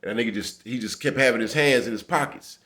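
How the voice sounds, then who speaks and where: A man's voice: mid-range voice, fast talker, bright, forceful tone. A man casually telling a tense street story in profane slang, acting out the dialogue as he goes. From Los Angeles area.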